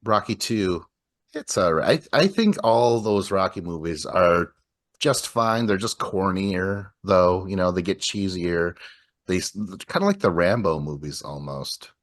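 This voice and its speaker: A man's voice: deep voice, animated, unhurried. A man hosting a casual movie podcast, rambling and laughing often as he trails off. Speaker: podcast host. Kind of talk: casual chat about movies.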